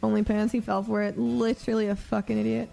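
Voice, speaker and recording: A woman's voice: fairly high pitch, flat delivery, fast talker, gravelly, mellow, soft background music, low-quality recording. A woman streamer in crude, mocking banter with her chat.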